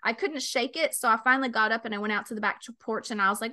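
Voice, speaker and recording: Woman podcast host, bright voice, a bit high, gets lively telling stories. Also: rapid-fire. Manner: animated storyteller, acts out voices with big pitch jumps. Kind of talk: casual chat, storytelling.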